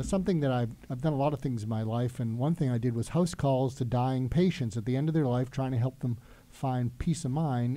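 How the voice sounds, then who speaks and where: A man's voice: mid-range voice, dark tone. A middle-aged man, a doctor guest on a talk show, telling a reflective anecdote with frequent fillers.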